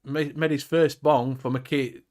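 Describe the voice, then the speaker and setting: A man's voice: mid-range voice, steady tone, measured pace, a little mellow. A man hosting a live stream, reading viewer comments aloud and laughing often. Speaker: host reading chat. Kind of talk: casual chat.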